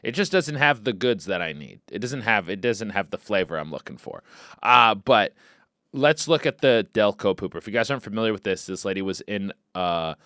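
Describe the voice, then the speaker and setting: A man hosting a comedy podcast, rambling and swearing freely, with loud excited outbursts. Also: fairly low pitch, moderate pace, no room sound, clean studio sound. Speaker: podcast host. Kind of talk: casual comedic podcast chat.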